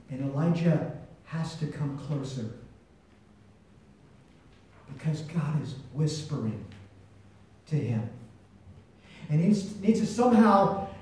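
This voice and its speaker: Booming echoey male preacher. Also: slight background noise. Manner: swings from loud shouted proclamation to hushed near-whisper. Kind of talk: sermon. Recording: very echoey, voice distant from mic.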